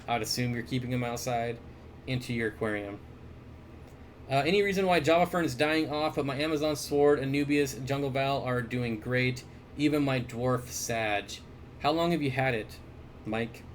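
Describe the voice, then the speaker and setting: A man hosting a casual livestream, reading viewer comments aloud and answering aquarium questions in a relaxed, chuckling way with lots of fillers. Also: medium pitch, moderate pace, slight background noise. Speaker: aquarium store owner and livestream host. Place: indoors, at his fish room or store. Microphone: desk mic.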